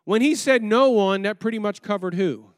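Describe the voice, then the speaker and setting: A pastor preaching a sermon, firing rhetorical questions at the congregation and swinging between loud, emphatic lines and low, quiet ones. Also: male voice, normal speed, dry recording, clean studio sound.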